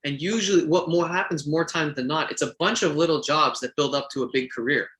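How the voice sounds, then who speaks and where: A man's voice: on the high side, brisk, fairly bright tone. A man from Quebec, a voice actor, talking casually in an interview with earnest, encouraging advice and frequent restarts. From Quebec, Canada. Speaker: voice actor guest.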